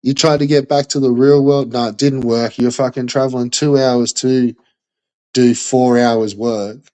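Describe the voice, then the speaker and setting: A man's voice: medium pitch, steady tone, measured pace, a little mellow, poor audio. A man delivering a blunt, heavily profane ranting monologue aimed at a streamer, in loose slangy speech full of fillers. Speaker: commentator on a streamer.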